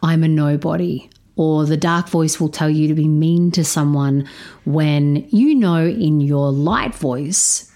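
A woman's voice: slow, dark tone. A woman telling a personal story in casual, candid speech, swearing freely and acting out the dialogue. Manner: candid, swears freely, repeats phrases for emphasis; acts out dialogue, voicing a girl higher. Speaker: storyteller sharing a parenting story.

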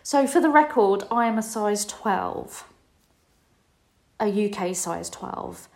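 With a medium-pitched, gravelly, darkish voice and lively intonation, a woman in her forties takes her time telling a personal story on her podcast, which she hosts. The telling is candid, emotional and confessional, and a roomy echo fills the recording.

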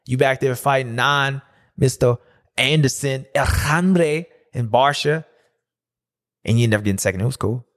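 A man who once raced, hosting a casual race recap, talking loosely and slipping into high mocking voices when he quotes riders. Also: moderate pace, a bit bright. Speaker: podcast host and former racer.

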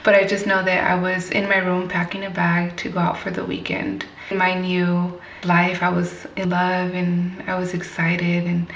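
A woman speaks candidly about her past in a gravelly voice with a touch of vocal fry, sitting a little back from the mic. The room is echoey and there is a faint hum of ambience. She stays reflective and laughs lightly at hard memories. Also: lowish voice, completely flat delivery, moderate pace, hardly any pauses, distant mic. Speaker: interview guest. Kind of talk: personal storytelling in conversation.

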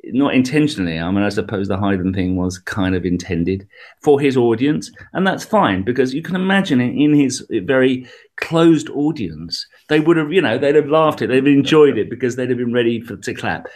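A man being interviewed as a guest comedian and musician, talking in a rambling, animated way with many restarts. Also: mid-range voice, moderate pace. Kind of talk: radio interview conversation.

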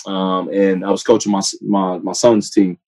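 A man, telling a personal faith story in casual conversation, acting out quotes with a rising voice. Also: normal speed. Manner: animated storytelling, acts out quotes with rising pitch. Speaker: youth football coach and sports training founder. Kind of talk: casual testimony in a podcast chat.

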